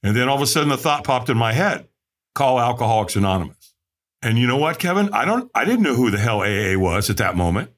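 A middle-aged man, a podcast guest, telling his own story candidly and animatedly, acting out the voices of people he quotes. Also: quick pace. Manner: animated, acts out quoted voices with big pitch jumps.

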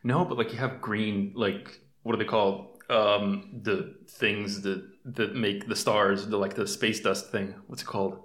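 A man's voice: lowish voice, fairly even intonation, a little slow, hardly any pauses, a bit bright. Laughing Eastern European man, echoey room. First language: not English. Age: 20s. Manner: laughing often, loose and joking. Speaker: podcast co-host. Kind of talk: casual podcast chat.

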